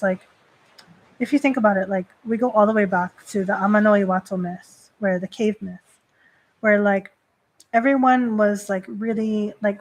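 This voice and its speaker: A woman priestess hosting a casual live stream. She talks in a chatty, rambling way, filling her sentences with "like." Her voice sits at an ordinary middle pitch. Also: low-quality recording. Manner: chatty, heavy use of "like" fillers. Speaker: Shinto priestess and host.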